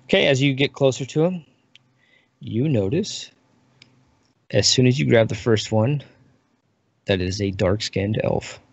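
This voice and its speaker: A man narrating as dungeon master, describing scenes in a relaxed, unhurried way. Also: mid-range voice, vocal fry, breathy edge, no echo. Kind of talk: narrating a tabletop game. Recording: muffled lo-fi recording.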